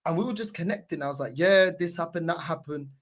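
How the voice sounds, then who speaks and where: A man telling a story in casual chat, animated and laughing, with a lot of slang. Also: on the high side, fast talker.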